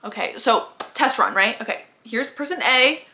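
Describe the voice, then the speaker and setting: A woman's voice: fairly high pitch, animated, normal speed, bright, forceful tone, slight background noise. A young woman in her twenties giving friendly advice in a chatty, upbeat vlog, often saying "like". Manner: chatty and upbeat, many "like" fillers. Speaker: vlogger.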